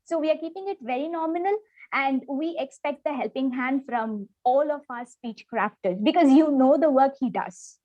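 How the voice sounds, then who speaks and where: A woman's voice: high-pitched, moderate pace, no room sound, dull audio. A woman speaking earnestly at an online club meeting, persuasive and repeating key phrases for emphasis. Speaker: club member promoting a workshop.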